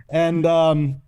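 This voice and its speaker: Stand-up comic, man from Mexico, 30s, a bit high-voiced, profane and giggly on a stage mic. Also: dark tone, clear, resonant tone, muffled recording. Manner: loose and profane, laughing at his own jokes. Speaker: stand-up comedian. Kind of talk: stand-up comedy set.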